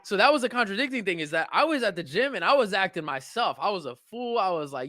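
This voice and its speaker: Podcast co-host, young man from Honduras; bright, forward voice, dry close sound, loose and profane. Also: high-pitched, quick pace, hardly any pauses, no room sound. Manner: animated, swearing, repeats himself. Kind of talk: casual chat.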